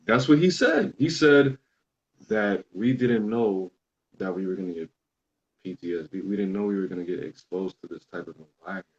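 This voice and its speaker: A man's voice: low voice, moderate pace, dull audio. A young man hosting a casual podcast chat, telling loose stories with plenty of swearing and mimicking other people's lines. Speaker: podcast host.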